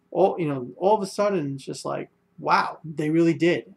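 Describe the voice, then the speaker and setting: Young male reviewer, casual rambling delivery, gravelly, slightly high voice. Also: moderate pace, few pauses. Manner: rambling, many fillers and restarts. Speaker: manga reviewer.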